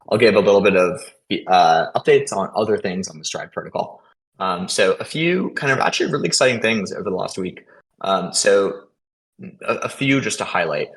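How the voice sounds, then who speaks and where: A man with a fairly low voice gives a casual update on a community voice call. He talks fast and stumbles often, restarting words and filling pauses with "um" and "uh.". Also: low-quality recording. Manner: hesitant, many fillers and restarts; fast, caffeinated talk. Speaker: protocol contributor hosting a community call.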